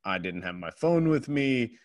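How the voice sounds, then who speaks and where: A man co-hosting a casual podcast who tells a story in an animated way. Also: mid-range voice, a little slow. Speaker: podcast co-host. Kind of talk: casual chat.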